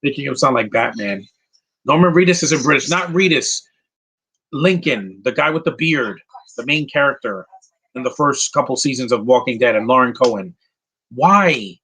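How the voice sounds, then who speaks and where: A man talks over a movie as it plays, rambling from one gripe to the next with lots of "uh"s and false starts. His voice is bright and a bit husky, and he is blunt and opinionated throughout. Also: mid-range voice, animated, moderate pace, rough recording. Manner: rambling, opinionated, frequent fillers and restarts. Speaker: movie commentator. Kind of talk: casual live movie commentary.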